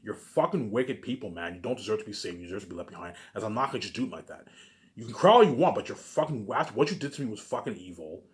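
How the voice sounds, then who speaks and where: A man's voice: lowish voice, expressive, racing, few pauses. A man giving a rambling, repetitive monologue to camera that turns into a heated rant, with frequent swearing. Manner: swears often, keeps saying "obviously". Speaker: vlogger.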